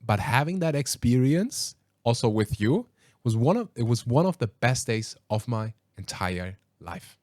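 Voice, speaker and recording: A man hosting a podcast, telling a story in a lively, laughing way with plenty of fillers. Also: medium pitch, a little slow, no room sound, studio quality. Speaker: podcast host. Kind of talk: casual storytelling conversation.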